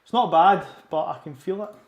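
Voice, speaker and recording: A man with a Scottish accent chats in a relaxed way during a training session and answers viewers' questions as he goes. His voice sits fairly high. The room echoes and faint noise hums behind him. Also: fairly quick. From Scotland. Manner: relaxed, chatty, says "wee" a lot, reads and answers chat questions. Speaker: powerlifter streaming his training. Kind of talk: casual live-stream chat while training.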